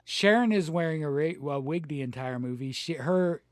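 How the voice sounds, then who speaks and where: A man on a podcast with a somewhat high voice, talking casually and sharing trivia about a movie. He keeps chiming in with quick agreements. The sound is dry and close, with no room echo. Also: animated. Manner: chatty, shares trivia, repeats short agreements. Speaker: podcast co-host. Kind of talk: casual film discussion.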